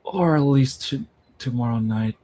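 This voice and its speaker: A man's voice: medium pitch, unhurried, warm tone. A man chatting casually with viewers on a livestream, thinking aloud, laughing often and trailing off into asides. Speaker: language-learning streamer.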